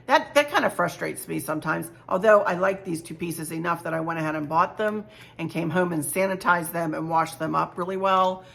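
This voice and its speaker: Chatty woman with a gravelly edge. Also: fairly low pitch, brisk, fairly bright tone. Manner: chatty, gushing, repeats words. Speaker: home decor vlogger. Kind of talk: casual chat showing a shopping haul.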